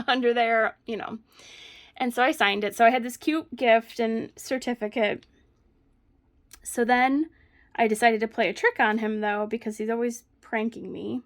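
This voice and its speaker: A woman vlogger chatting casually while she crafts at home, telling a story with frequent laughs. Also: a little high. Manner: chatty storyteller, laughs often mid-sentence.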